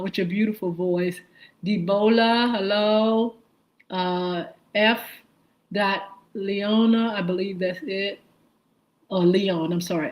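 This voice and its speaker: Hosting a live morning-show stream, a woman with a mid-range voice greets viewers one at a time, slowly and warmly, spelling out each username. The recording is rough.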